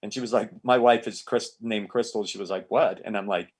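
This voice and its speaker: A man in casual podcast chat, an excitable storyteller who stammers through restarts and swears freely. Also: on the low side, fairly quick.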